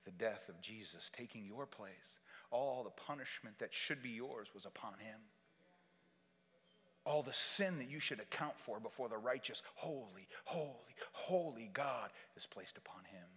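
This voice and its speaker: A man preaching a solemn, deliberate sermon as pastor, reading scripture and leading communion in a church. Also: medium pitch, lively intonation, fairly bright tone, in a large hall. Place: church sanctuary.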